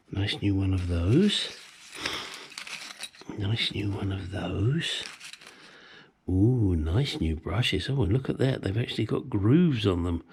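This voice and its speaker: A man's voice: low voice, background noise. A man demonstrating a hands-on repair at his workbench, rambling with cheeky self-deprecating asides. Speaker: home mechanic presenter.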